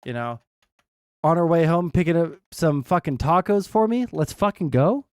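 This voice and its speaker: A man's voice: a little high, lively intonation, moderate pace, darkish tone, clear, resonant tone, no echo, studio quality. A man streaming casual reaction commentary, rambling and swearing as he trails off mid-thought.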